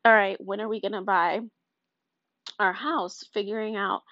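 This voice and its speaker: A woman's voice: mid-range voice, fairly even intonation, moderate pace, a bit bright, dry recording. A young woman speaks in a candid, confessional ramble about faith, sounding worn out. Her voice is close and dry, with a slightly dull, lo-fi quality to the recording. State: tired.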